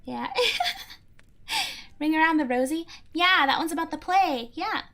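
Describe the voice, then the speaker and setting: A woman's voice: high voice, animated, unhurried, fairly bright tone. A young woman streamer chatting casually and reading chat, rambling with lots of "like" and frequent giggles.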